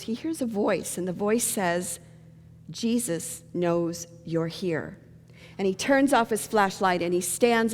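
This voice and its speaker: A middle-aged woman pastor with a medium-pitched voice gives a sermon in a church sanctuary, telling stories and jokes. The recording carries long church reverb plus slight background noise.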